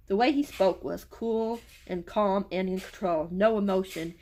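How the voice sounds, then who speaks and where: A woman's voice: mid-range voice, measured pace, hardly any pauses, a little mellow. A woman book reviewer reading a novel aloud and retelling it in a casual way, stumbling and restarting over words.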